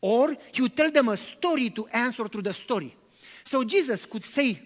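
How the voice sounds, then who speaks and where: Preaching a sermon, a male pastor speaks in a very high-pitched, animated voice at a moderate pace. He's conversational, uses rhetorical questions and non-native English phrasing, and the recording has long church-hall reverb.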